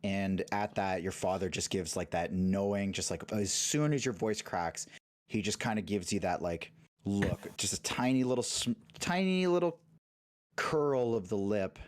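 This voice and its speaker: A man acting as dungeon master, narrating scenes and calling for dice rolls in a calm, plain way. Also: low voice, a little slow. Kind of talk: running a tabletop game.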